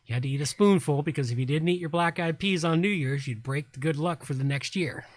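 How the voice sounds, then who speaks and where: A man's voice: on the high side, fast talker. A middle-aged man with a faint Southern US accent hosting a live stream in casual chat, a bit tipsy, jovial and rambling. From Southern United States. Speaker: stream host.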